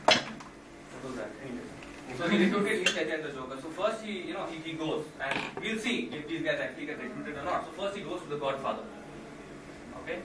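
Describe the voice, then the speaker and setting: A male stand-up comedian telling an animated routine to a live audience, with sudden loud impressions. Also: a little high, fairly quick. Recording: echoey room from far off with noise.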